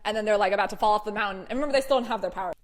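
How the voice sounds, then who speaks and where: A young woman recapping a cartoon to a friend in casual chat, excitable and giggly, swearing casually. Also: medium pitch, very fast. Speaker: storyteller to a friend.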